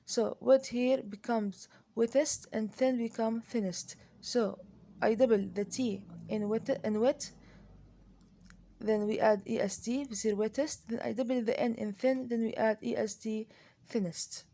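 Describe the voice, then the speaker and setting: A woman with an Arabic accent teaches an English grammar lesson, speaking slowly and deliberately with many pauses, fillers and restarts, and switching into Arabic to explain things. Her voice is a little high and mellow, with fairly even intonation.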